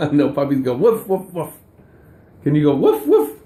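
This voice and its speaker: A man's voice: fairly high pitch, wildly swooping pitch, slow, dark tone. Playful man teasing a toddler, echoey room. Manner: teasing, sing-song questions, chuckling. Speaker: parent playing with a toddler. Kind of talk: playful talk with a small child. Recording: echoey room with faint noise.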